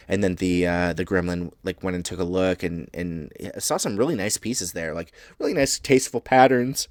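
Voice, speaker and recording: Deep-voiced man rambling a tale. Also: no room sound, studio quality. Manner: rambling, halting, full of fillers and restarts. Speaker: storyteller. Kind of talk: improvised casual storytelling.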